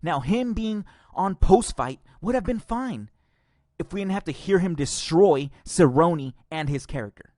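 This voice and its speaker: A man's voice: sits high, expressive, unhurried, darkish tone, dry recording. A man hosting a podcast, ranting angrily and profanely with sarcastic laughs. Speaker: podcast host.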